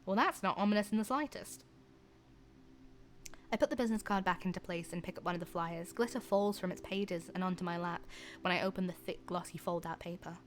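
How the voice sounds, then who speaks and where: A woman's voice: on the low side, fairly quick. A young woman streaming a visual novel, reading the narration aloud and breaking off for chatty, laughing asides.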